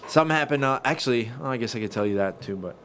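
Profane, animated male podcast storyteller. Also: mid-range voice, racing, slight background noise. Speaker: podcast co-host. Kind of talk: casual chat.

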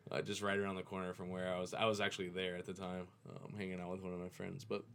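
A man's voice: low voice, completely flat delivery, quick pace, fairly bright tone, a little hiss or hum. A man from Florida, a professional kiteboarder, telling a story in a loose, profane, casual way and chuckling as he goes. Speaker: professional kiteboarder, podcast guest.

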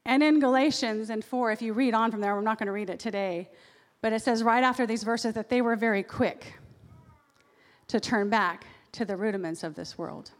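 A woman pastor giving a sermon in a church, lively and acting out the voices she quotes. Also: fairly high pitch, moderate pace. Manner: animated, acts out quoted voices. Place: church sanctuary. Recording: long reverb of a large hall.

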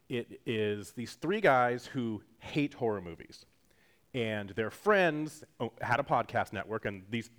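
A man preaching a sermon in a casual, jokey teaching style, acting out quotes as he goes. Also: medium pitch. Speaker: pastor.

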